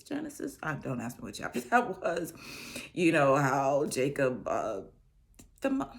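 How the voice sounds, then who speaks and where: A middle-aged woman casually retelling Bible stories and giving encouragement, chatty and animated, slipping into quick voices for the characters. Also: deep voice. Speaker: host sharing a personal testimony.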